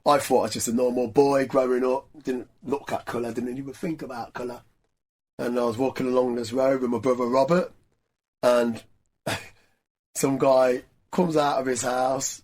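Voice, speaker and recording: Husky man telling his story earnestly. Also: mid-range voice, moderate pace, a little mellow. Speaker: interviewee. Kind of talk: documentary interview recollection.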